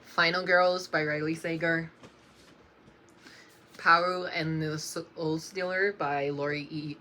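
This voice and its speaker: A young woman reading off a list of books in a casual vlog, slow and unhurried, often apologizing with a soft laugh. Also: low voice, fairly even intonation, a little hiss or hum. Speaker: book vlogger.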